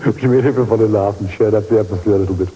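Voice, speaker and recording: A man's voice: on the low side, racing, mellow, slightly rough, poor audio. An English man in his eighties telling wry theatre anecdotes in an interview, chuckling as he reminisces. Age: 80s. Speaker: veteran stage actor interviewed.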